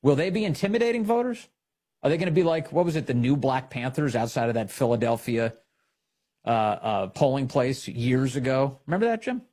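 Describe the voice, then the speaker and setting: A man's voice: medium pitch, expressive, a little fast, a little mellow. A man hosting a political talk show, delivering indignant commentary full of sarcastic rhetorical questions.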